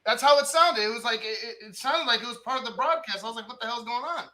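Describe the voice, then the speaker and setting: A man on a sports talk show, animated, stumbling and repeating himself as he retells reactions. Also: very high voice, fast talker, crowd noise, poor audio.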